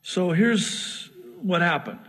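Pastor guy preaching, husky high voice, long echo in the sanctuary. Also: slow. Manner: animated storytelling, humorous asides. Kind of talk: sermon.

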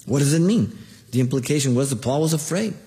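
A man preaches a sermon, swinging between calm teaching and emphatic, rising exhortation. His voice carries a long reverb, as from a large hall. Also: medium pitch, fast. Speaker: pastor.

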